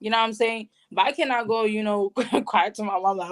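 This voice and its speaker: A woman from Burundi telling her personal story in an interview, emotional and animated, with casual slang. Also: on the high side, moderate pace. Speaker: guest sharing personal story.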